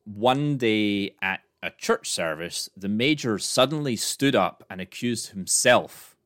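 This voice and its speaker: A very deep-voiced man spins a history yarn for a podcast. His voice comes through smooth and resonant, and he keeps it loose and jokey, dropping ums between facts. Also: animated, slow pace, a bit bright. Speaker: podcast co-host. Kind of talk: casual storytelling chat.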